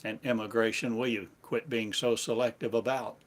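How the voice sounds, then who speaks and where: A man giving a slow, meditative sermon in halting, repetitive phrases, like an incantation. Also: fairly low pitch, fairly even intonation. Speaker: spiritual teacher.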